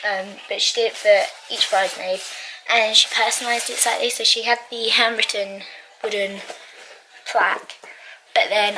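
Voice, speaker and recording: A woman's voice: mid-range voice, little pitch movement, moderate pace, noisy background. A young woman chatting casually to camera in her bedroom, rambling with lots of ums and small laughs. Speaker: vlogger. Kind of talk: casual chat vlog.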